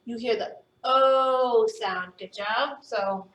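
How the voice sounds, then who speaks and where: A woman teaching a phonics lesson to young students, patient and encouraging, sounding words out slowly. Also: fairly high pitch, fairly bright tone. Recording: echoey room, voice from a distance.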